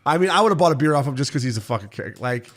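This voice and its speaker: A man's voice: medium pitch, expressive. A man in his thirties from Canada co-hosting a casual hockey podcast, joking and swearing freely. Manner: fast, profane, joking banter. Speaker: podcast co-host. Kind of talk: casual sports chat.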